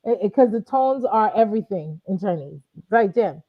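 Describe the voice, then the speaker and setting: New woman, muffled lo-fi sound. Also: normal speed. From New York. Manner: animated, acts out quoted speech in a higher voice. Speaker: Chinese tutor, guest. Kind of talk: casual interview chat. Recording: dull lo-fi audio.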